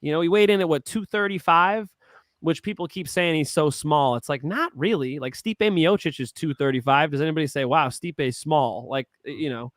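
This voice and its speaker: A man co-hosting a casual sports betting podcast, animated and swearing freely. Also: on the high side, a little fast, no echo. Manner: animated, swearing, rising emotion. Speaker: co-host of a betting picks show.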